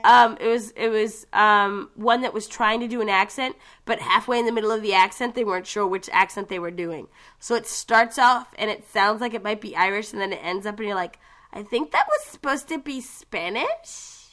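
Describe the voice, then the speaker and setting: A woman with a medium-pitched voice chats casually about video games, telling the story with lively asides and quick mimicked voices.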